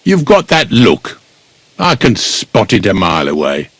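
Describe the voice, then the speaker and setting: An actor playing a blunt, grumbling village gravedigger in a video game, speaking. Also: male voice, on the low side, huge pitch swings, measured pace, a bit bright, husky, dry recording, full character voice. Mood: gruff.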